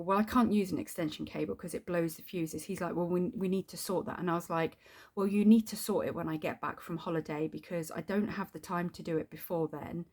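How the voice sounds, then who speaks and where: A woman's voice: on the low side, a little mellow. A woman venting in a video diary, swearing often as she rants. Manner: swears a lot, ranting. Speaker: video diarist. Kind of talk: angry venting vlog.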